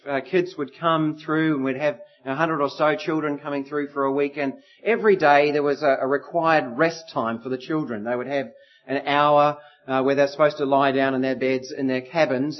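A middle-aged man preaching a sermon, telling stories with lively acted voices. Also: fairly high pitch. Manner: animated storytelling with acted voices. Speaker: pastor. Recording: slightly muffled lo-fi recording.

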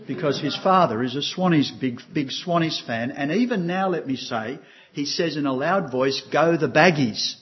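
Older pastor preaching a sermon. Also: male voice, medium pitch, lo-fi sound. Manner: earnest, asks the congregation questions.

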